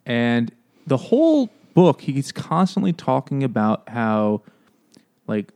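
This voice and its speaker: A man co-hosts a casual book-club podcast, laughing often and acting out quotes in a raised voice. His medium-pitched voice is very animated, slow and darkish.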